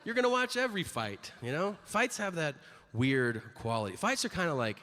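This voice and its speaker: A man doing a stand-up comedy routine on stage, animated, breaking into high-pitched voices for the people he quotes. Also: normal speed. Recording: live in a reverberant hall with audience noise. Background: audience laughter.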